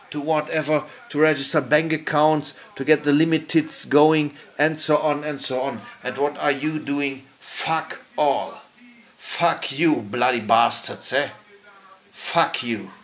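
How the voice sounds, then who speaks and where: A man's voice: on the high side, a bit bright. A middle-aged man whose first language is German, ranting furiously in English with a German accent, swearing and rambling as a frustrated business owner. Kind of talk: angry rant to camera.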